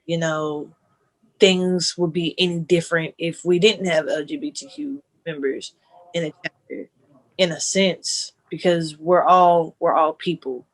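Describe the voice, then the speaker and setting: A man speaking as a panelist in a discussion, earnest and halting, with many restarts. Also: a little high, steady tone.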